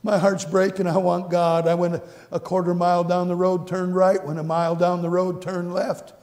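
A high-pitched man preaches in a church sanctuary, his voice trailing off into a long reverb. He tells his own story earnestly, repeating phrases, and moves from quiet, hushed lines to bursts of exclamation. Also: level tone, moderate pace. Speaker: pastor. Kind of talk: sermon with personal testimony.

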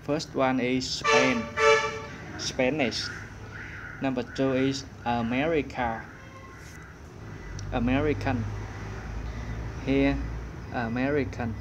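A man leads an English workbook lesson at a very slow, unhurried pace. He thinks aloud as he searches for each answer, and a faint background hum sits under his voice. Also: medium pitch, steady tone. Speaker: English teacher.

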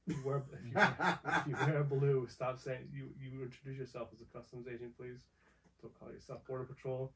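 A man's voice: mid-range voice, flat delivery, brisk, recorded from a distance, rough recording. A man from upstate New York, a guest swapping laid-back stories in casual podcast chat. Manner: laid-back storytelling with frequent laughs.

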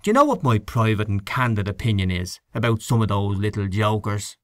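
A man's voice: lowish voice, expressive, brisk, a bit bright, no echo, clean studio sound. A man voicing a grumbling, gossipy middle-aged canvasser in a storybook reading, scornful and snuffling, with a conspiratorial manner.

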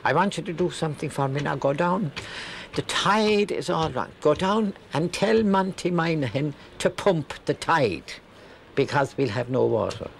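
High, brisk landlady giving orders, performed by an older Irish man. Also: animated, creaky, a little hiss or hum. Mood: commanding. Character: bossy older woman landlady playing a prank.

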